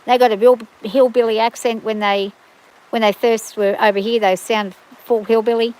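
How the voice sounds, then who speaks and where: A woman's voice: a little high, level tone, moderate pace, a little mellow, clean tone, rough recording. A woman hosting a livestream from her farm, chatting casually and rambling with frequent restarts and fillers. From Australia.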